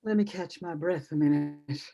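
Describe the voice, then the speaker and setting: A woman's voice: deep voice, moderate pace, warm tone, slight background noise, lightly acted. A woman playing a fretful mother of the groom who scolds and worries, over dull video-call audio. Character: fussing middle-aged mother of the groom.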